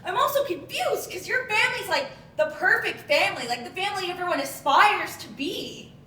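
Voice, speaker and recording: A woman's voice: very high-pitched, animated, a little fast, sharp tone, far from the mic, full character voice. A woman playing an appalled neighbor parent in a sketch, incredulous and flustered. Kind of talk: sketch comedy. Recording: echoey stage from afar, noise.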